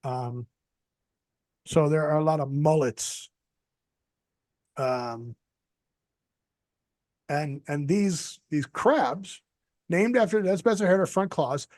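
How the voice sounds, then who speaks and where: A man co-hosting a casual show over a video call, rambling through topics and slipping in deadpan jokes. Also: fairly high pitch, slow pace, pauses often, no room sound, clean studio sound. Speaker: podcast co-host.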